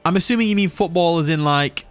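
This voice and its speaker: A young man talks through a live online battle, reading questions from chat and laughing easily. His voice sits a little high, with faint music playing underneath. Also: quick pace, no echo. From Nottinghamshire, England. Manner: chatty, laughs often, reads chat aloud. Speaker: streamer. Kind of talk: live game commentary with chat.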